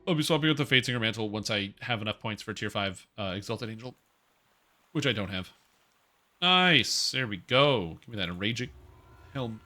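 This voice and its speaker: Young male streamer, low-ish but very bright voice, casual joking gameplay chatter. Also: fast. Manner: chatty, jokey, explains as he plays. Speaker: game streamer.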